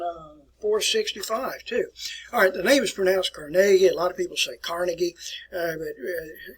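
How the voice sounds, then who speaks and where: A man's voice: high-pitched, a bit bright, slightly rough, rough recording. A man teaching a recorded history lecture, folksy and rambling, with many fillers and asides to his students. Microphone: document camera with built-in mic.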